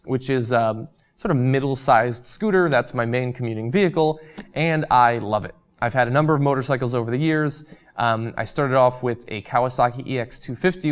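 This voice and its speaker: Man, vlog host, casual Q&A, relaxed, filler-heavy, mid-pitched, losing his voice. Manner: relaxed and chatty, with frequent um and uh fillers. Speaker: host answering viewer questions.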